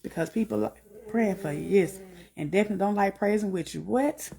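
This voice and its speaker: A middle-aged woman giving an earnest spoken testimony, repeating herself and climbing to high emphatic peaks. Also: brisk, creaky, warm tone.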